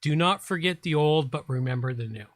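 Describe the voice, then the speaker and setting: A host with a Canadian accent in casual live chat, slow and halting, often restarting words. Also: mid-range voice, animated, dry recording.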